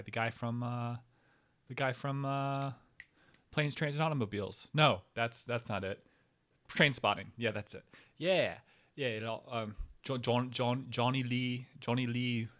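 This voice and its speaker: A man hosts a comedy show in a loose solo monologue. His voice is bright and forward, and he rambles from one tangent to the next. He fills gaps with fillers and false starts. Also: mid-range voice. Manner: rambling, tangents, frequent fillers and restarts, sudden whispers. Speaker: podcast host.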